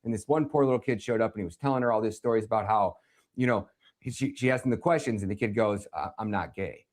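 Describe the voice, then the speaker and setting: A man on a livestream in a furious, profane rant. His voice sits at an ordinary middle pitch and keeps jumping up into shouted, cursing outbursts. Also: fast. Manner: furious, swearing constantly, shouting in bursts. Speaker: livestream host. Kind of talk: angry profane political rant.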